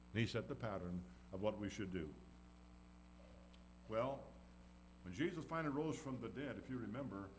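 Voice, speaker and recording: A man's voice: medium pitch, poor audio. A man preaching a sermon in a folksy, storytelling way, acting out the people in the story. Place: church. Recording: faint background noise and hum.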